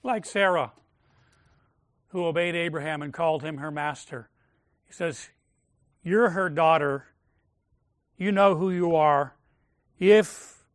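Slow, high-voiced preacher. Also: male voice, dry recording, clean studio sound. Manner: measured, emphatic, dropping to near-whispers on key words. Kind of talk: sermon.

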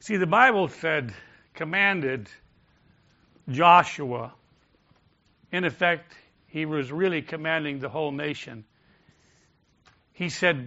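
Preacher guy with a bright forceful voice, kinda high, congregation faint in the back. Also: takes it slowly, pauses often, highs cut off. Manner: builds from quiet coaching to loud shouted declarations. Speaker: pastor. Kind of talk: sermon with congregation call-and-response. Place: large church hall with congregation.

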